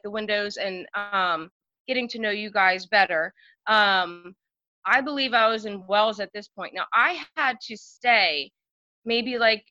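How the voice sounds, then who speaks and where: A woman's voice: mid-range voice, pushed and bright, dry recording. A woman telling stories as a podcast guest, chatty and full of fillers. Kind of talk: casual storytelling. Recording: dry, slightly dull lo-fi sound.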